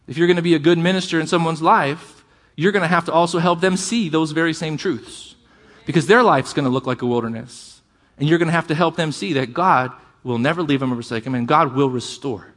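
A pastor preaches with impassioned delivery, mixing in conversational asides and reading scripture aloud with drawn-out emphasis. His voice is a little high and a bit bright.

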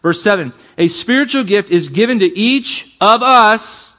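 A man preaching a sermon to a congregation, calling for amens and shifting between fast bursts and slow, quiet emphasis. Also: sits high. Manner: energetic preaching, calls for amens, varies pace and volume. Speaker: pastor.

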